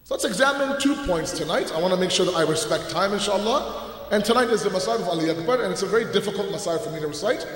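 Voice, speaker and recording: A man with a loud, booming voice gives an earnest, animated sermon with humorous asides, his mic held away from his mouth. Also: quick pace. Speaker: religious lecturer. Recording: echoey hall with long reverb.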